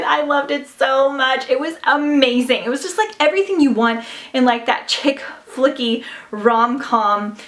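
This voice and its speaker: A young woman reviews audiobooks in a chatty, gushing way, her talk full of fillers. Her voice sits a little high. The sound has a roomy echo around it. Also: normal speed, fairly bright tone. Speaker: book vlogger. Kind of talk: casual book review chat.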